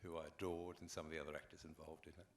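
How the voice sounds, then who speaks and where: An older actor with an Australian accent races through relaxed, wry stories as a convention panel guest, animated and performing his anecdotes. He has a bass voice, with slight background noise.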